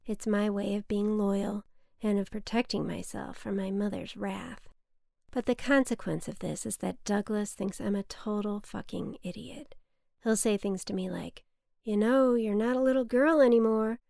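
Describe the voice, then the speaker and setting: A woman reading her own scripted personal memoir in a candid, wry, profane way, often dropping to a hush. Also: mid-range voice, measured pace, creaky, no room sound, clean studio sound. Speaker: memoir podcaster.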